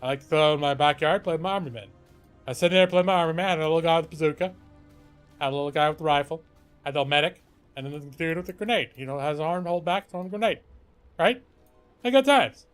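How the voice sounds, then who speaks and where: A wide-eyed, overexcited viewer bursts in, breathless and shouty, dragging out a rambling tale with dramatic pauses, as a man puts him on. The voice sits high and loud, racing through the story in a frantic rush. It plays like a bit on a gaming stream. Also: smooth, faint music behind, natural voice. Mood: breathless, excited.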